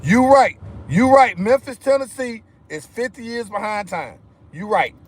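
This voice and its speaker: A high-pitched man vents on his livestream. He talks heatedly and profanely, circling back to the same phrases again and again. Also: expressive, unhurried. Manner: heated, repetitive, profane ranting. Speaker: livestream host. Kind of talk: angry livestream rant.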